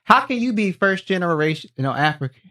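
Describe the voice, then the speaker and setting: A man's voice: high voice, very animated, fast talker, sharp tone. A man from Maryland co-hosting a casual podcast discussion, who pushes back bluntly and firmly. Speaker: podcast co-host.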